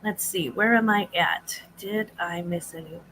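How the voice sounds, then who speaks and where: A woman hosting a casual live chat, rambling easily and greeting her viewers in a high sing-song. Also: unhurried, sharp tone, slight background noise, poor audio. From United States. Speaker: livestream host.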